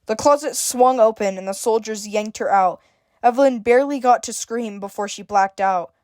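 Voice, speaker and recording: A woman's voice: fairly high pitch, moderate pace, darkish tone, no room sound, studio quality. A woman reading a scripted story aloud as narrator. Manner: reads dialogue with shifting emphasis, stammers for a frightened character.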